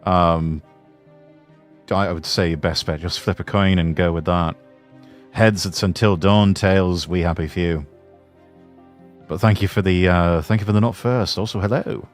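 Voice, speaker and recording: Talking to his chat while reacting to a video, a male streamer muses aloud hesitantly in a casual tone. He speaks low and a little slow, with fairly even intonation and frequent pauses, over faint background music.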